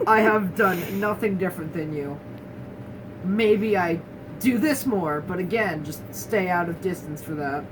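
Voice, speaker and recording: A woman's voice: mid-range voice, unhurried, distant mic. A young woman speaking casually and candidly, with a wry manner, who often restarts and mimics other people mid-sentence. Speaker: guest sharing her experience. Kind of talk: casual talking-head chat. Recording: voice a bit off-mic with clear room noise.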